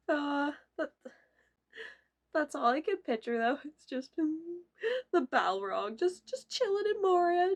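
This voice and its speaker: A woman's voice: high voice, expressive, a little slow, highs cut off. A young woman vlogging casually, laughing often, swearing and putting on playful silly voices. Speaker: vlogger reacting to memes. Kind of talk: casual chat.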